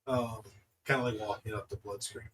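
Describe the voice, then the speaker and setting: A man's voice: fairly low pitch, fairly even intonation, moderate pace, a bit bright, slight background noise, poor audio. A man playing a tabletop game, speaking hesitantly with plenty of fillers. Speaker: player.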